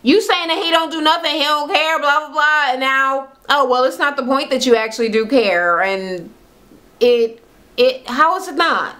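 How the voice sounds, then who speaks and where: A woman's voice: high-pitched, moderate pace, pushed and bright. A woman casually recapping a reality TV show, sassy, gossipy and heavily profane.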